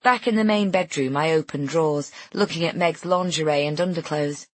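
A woman reads a first-person novel in a measured, intimate tone. Her voice sits low with a husky grain, recorded dry and close. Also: dry recording. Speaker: audiobook narrator. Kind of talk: first-person fiction narration.

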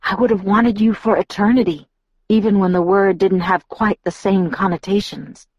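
Woman doing an earnest old-fashioned young male vampire, lowered voice, formal and measured, dry muffled audiobook sound. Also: fairly even intonation, dry recording, lightly acted. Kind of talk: audiobook character voice. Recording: dull lo-fi audiobook recording.

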